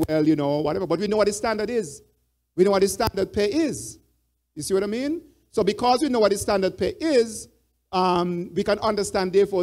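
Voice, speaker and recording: A man's voice: high voice, a little mellow. A church elder teaching a Bible study. He repeats his points and prompts the group with fill-in "what?" questions.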